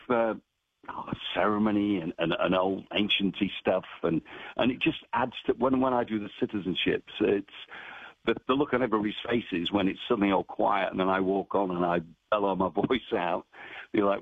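A man's voice: on the low side, moderate pace, breathy edge, dry recording. A man working as a town crier, chatting animatedly in a radio phone interview. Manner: chatty, animated, bursts into bellowed cries. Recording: dry tinny phone line.

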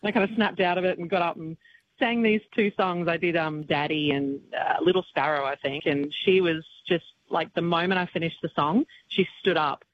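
A woman's voice: lowish voice, normal speed, a little hiss or hum. Woman on a dull radio line. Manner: tearful but laughing, rambling with fillers. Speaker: country singer guest. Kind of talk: emotional phone-in radio interview.

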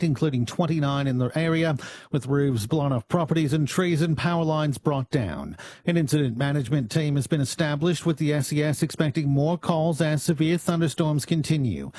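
A man presenting a radio news bulletin in a measured, even newsreader delivery. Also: fairly high pitch. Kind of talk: scripted news reading.

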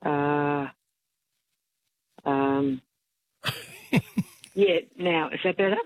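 A woman's voice: low-pitched, extremely slow, no room sound, rough recording. A woman calling in to a radio show on speakerphone, hesitant and flustered, laughing between her words. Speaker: caller. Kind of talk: phone-in chat. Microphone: speakerphone on a phone line.

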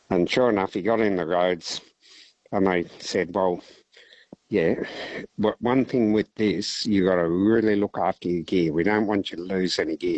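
An Australian man calling in to a radio show, telling a long joke in a relaxed, rambling way. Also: low-pitched, dry recording, poor audio. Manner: rambling, relaxed yarn-spinning. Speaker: caller, teacher. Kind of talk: casual phone-in storytelling.

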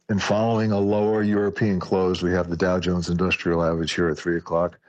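A man's voice: sits low, no echo. A man, working as a financial advisor, giving a market report over a remote line and using many fillers.

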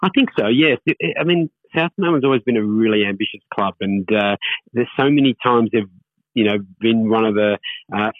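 A man's voice: on the low side, fairly quick, no echo. A man with a reflective, hesitant manner, full of fillers, speaking as a guest in a radio interview over a phone line. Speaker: interview guest, football club figure. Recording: tinny phone line, dry.

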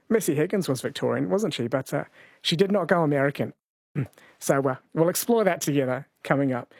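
A man's voice: on the high side, no echo, clean studio sound. Chatty man hosting overnight radio. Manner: chatty, relaxed, reads out listener texts. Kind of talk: late-night radio talk. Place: radio studio. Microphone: studio microphone.

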